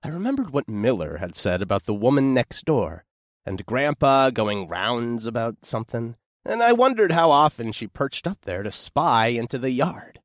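A young man narrating a first-person horror story in an expressive, tense storytelling manner. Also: medium pitch, normal speed, no room sound, clean studio sound.

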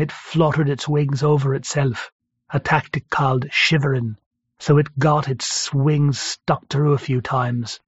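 With a mid-range voice and no echo, a male audiobook narrator tells a first-person story in a dry, conversational manner. The audio has a dull, lo-fi quality.

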